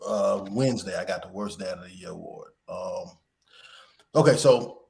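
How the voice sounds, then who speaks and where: A man's voice: sits low, normal speed, gravelly, darkish tone, a little hiss or hum. Man, podcast host, casual storytelling, rambling, swears casually.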